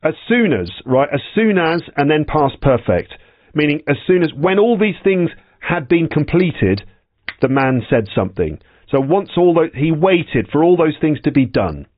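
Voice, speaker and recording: Male language teacher, calm and methodical, walks through vocabulary step by step; dry, slightly muffled sound. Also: fairly high pitch, dry recording. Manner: slow, patient explanations with repetition. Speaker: English teacher. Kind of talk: explaining vocabulary from a story.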